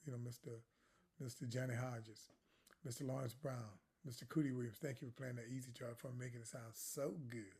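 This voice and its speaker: An older man leads a jazz workshop in a relaxed, chatty way. He wanders off on asides and laughs along the way. Now and then he sings short syllable phrases to show the rhythm. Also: mid-range voice, husky. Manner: demonstrates phrasing by singing syllables. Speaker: jazz educator. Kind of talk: lecture.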